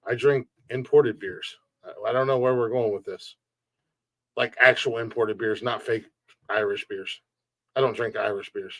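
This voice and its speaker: Dude hosting a live stream podcast, cussing and joking around, dry close sound. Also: male voice, medium pitch, steady tone, normal speed, fairly bright tone, no room sound. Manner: blunt, profane, joking rants; laughs often between remarks. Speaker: podcast host reading chat. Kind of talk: casual live-stream chat.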